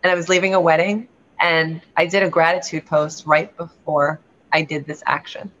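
A woman's voice: sits low, level tone, normal speed, fairly bright tone. A woman, a realtor and guest on a show, telling a candid personal story in an earnest, rambling way with frequent restarts. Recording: lo-fi dull sound.

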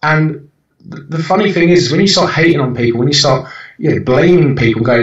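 A man's voice: a little high, expressive, a little fast. A man in his thirties, a podcast guest talking bluntly and animatedly, swearing freely and often restarting his sentences. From United Kingdom. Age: 30s. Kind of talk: casual interview chat. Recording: roomy, distant and dull-sounding.

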